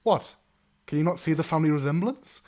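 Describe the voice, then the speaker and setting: Chirpy happy-go-lucky bard guy, high and loud, a man putting him on. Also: brisk, natural voice. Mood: cheery. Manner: bubbly, high and excited. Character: cheerful carefree male bard, older brother.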